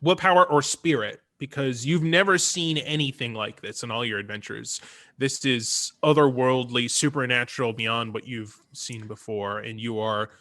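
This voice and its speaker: Male game master, bright and forward voice, chatty, fills his talk with "uh" and "um". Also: medium pitch, moderate pace. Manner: chatty, many fillers and restarts. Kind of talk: narrating a tabletop game.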